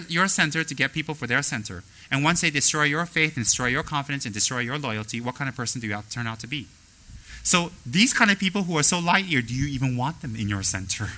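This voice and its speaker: A man teaching as a spiritual teacher, blunt and straightforward, animated as he acts out the people he talks about. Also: a little high, rough recording. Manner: animated, mimics people in quoted asides. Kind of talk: dharma talk.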